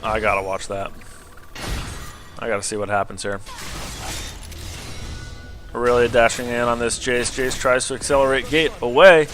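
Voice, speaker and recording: A young man casually commentating a replay of his own match, getting excitable at big plays. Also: mid-range voice, normal speed, pauses often, soft background music. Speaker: gameplay commentator.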